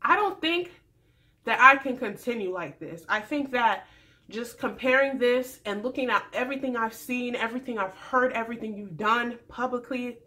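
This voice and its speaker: A woman imitating a young woman who calmly and firmly turns a man down. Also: on the high side. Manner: calm, measured, firm. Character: calm firm young woman turning a man down.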